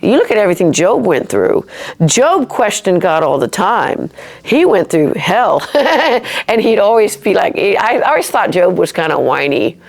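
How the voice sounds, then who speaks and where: A woman's voice: mid-range voice, very animated, unhurried, gravelly. A woman guest on a podcast telling her personal faith story in an earnest, reflective way, often restarting her sentences. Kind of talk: personal faith testimony in casual talk.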